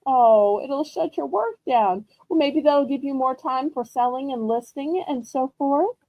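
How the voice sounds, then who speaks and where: Chatty high-voiced woman auction host. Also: a little slow, no echo, lo-fi sound. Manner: chatty, gushing and upbeat. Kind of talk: live selling stream chat.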